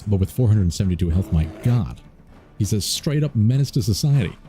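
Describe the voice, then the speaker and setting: A man's voice: lowish voice, animated, fairly quick, dark tone, faint music behind. A man streaming a strategy game, joking playfully and laughing often as he comments on his moves. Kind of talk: casual let's-play commentary.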